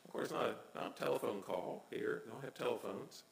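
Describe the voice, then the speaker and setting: A man preaching a sermon as pastor, swinging from hushed asides to loud, excited cries. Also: mid-range voice, a little fast, vocal fry, echoey room, poor audio.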